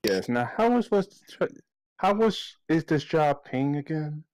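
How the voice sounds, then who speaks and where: Lively-voiced hesitant male player. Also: fairly high pitch, slow pace, no echo. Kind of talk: casual tabletop game chat.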